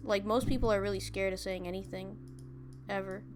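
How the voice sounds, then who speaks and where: A woman's voice: medium pitch, fairly even intonation, a little fast, loud music behind the voice. A woman playing a video game while chatting, with goofy, self-mocking banter. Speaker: gamer in voice chat. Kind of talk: casual gaming chat.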